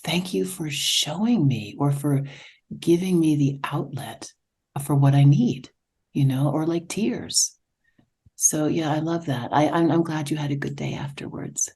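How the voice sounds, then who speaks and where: A woman guest who leads somatic workshops, talking in a soft-spoken, reflective way and often dropping to a whisper. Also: low voice, a little slow, slightly rough. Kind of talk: casual conversation.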